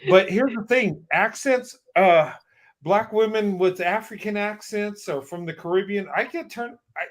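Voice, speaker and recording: A man's voice: high-pitched, a little slow. A man hosting a live online chat, talking casually and addressing viewers directly. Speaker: host of a live stream.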